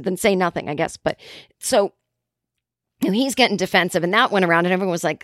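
A woman hosting a solo podcast, talking in a sarcastic, rambling, animated way. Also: medium pitch, a little fast, no room sound, studio quality. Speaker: podcast host.

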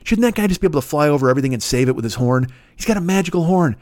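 A male podcast host rants through a rambling comedy riff at very fast speed, his high voice leaping all over the place. Profane and excitable, he swears constantly and stacks one absurd tangent on top of another.

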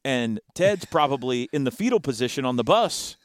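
A man co-hosting a sports talk show in casual chat, playful and animated, breaking into sound effects. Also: medium pitch, normal speed, no echo, clean studio sound.

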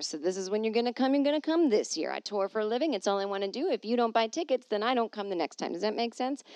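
A woman's voice: medium pitch, no room sound. A woman hosting her own podcast as a touring comedian, chatting casually and reading listener emails aloud in a rambling, self-deprecating, playful way. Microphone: podcast microphone.

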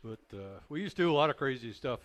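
An older man pauses and hesitates often while he recalls things in a relaxed conversation. His voice is an ordinary middle pitch for a man. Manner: halting, many filler pauses. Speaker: guest, former race car driver. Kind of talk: casual chat.

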